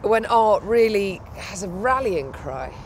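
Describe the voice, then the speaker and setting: A woman's voice: mid-range voice, expressive, slow pace, a little hiss or hum. A woman co-presenting a travel webisode, speaking earnestly and emotionally in casual chat.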